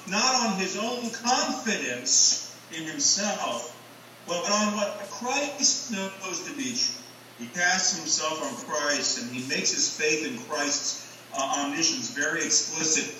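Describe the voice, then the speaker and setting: A man preaching a sermon, earnest and emphatic, with pauses and sudden rises in pitch. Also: pushed and bright, a little hiss or hum. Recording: echoey, from a distant mic.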